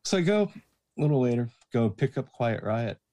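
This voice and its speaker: A man's voice: medium pitch, normal speed. A man casually telling a backstage anecdote, acting out the people he quotes. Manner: animated anecdote teller, acts out quoted voices. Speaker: guest, former promoter's assistant. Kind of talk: casual storytelling.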